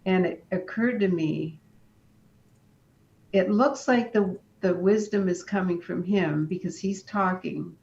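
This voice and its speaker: A woman, a guest in an interview, telling a personal story in a calm, unhurried way, often stopping to restart her sentences. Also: creaky. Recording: dull lo-fi sound with faint rumble.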